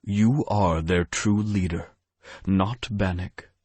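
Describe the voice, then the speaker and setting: A male narrator voicing a calm, wise ancient vampire who speaks slowly and gravely. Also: sits low, dry recording, full character voice. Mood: solemn. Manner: slow, grave, measured.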